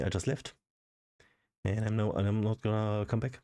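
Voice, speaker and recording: A man's voice: lowish voice, fairly even intonation, measured pace, dark tone. A man vlogging in a casual, frustrated rant full of swearing. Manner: frustrated, profane ranting. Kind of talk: casual ranting vlog.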